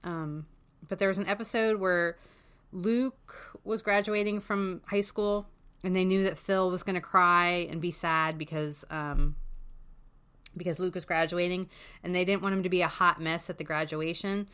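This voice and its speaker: A woman's voice: on the low side, steady tone, moderate pace, a bit bright, clean tone. A woman talking candidly as a parent advocate, giving casual, frank advice and swearing freely.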